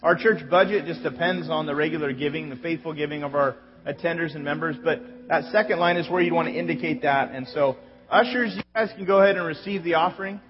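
This pastor's voice is a little high and he moves along quickly, chatting through church announcements and occasionally correcting himself mid-thought. The sanctuary recording is echoey and dull, with music underneath.

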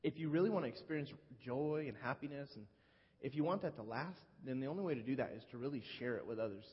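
A man preaching a sermon in a relaxed, conversational way, often restarting his sentences. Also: medium pitch, fast talker, breathy edge. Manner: conversational, with frequent restarts and fillers. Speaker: pastor. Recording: dull lo-fi recording in a reverberant hall.

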